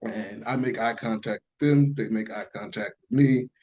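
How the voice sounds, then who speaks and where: A man talking casually as a podcast guest, telling a story in an animated way and acting out the voices of people he quotes. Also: on the low side, normal speed, a little hiss or hum, rough recording.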